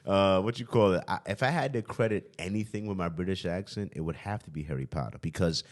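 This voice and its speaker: A man's voice: low voice, quick pace. A man hosting a casual podcast chat, loose and repetitive, swearing freely. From New York. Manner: loose, swearing, repeats himself. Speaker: podcast host.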